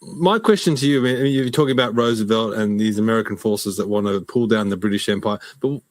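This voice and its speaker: A man's voice: on the low side, fast, no echo. A male podcast host asking his guest questions and reacting with short interjections.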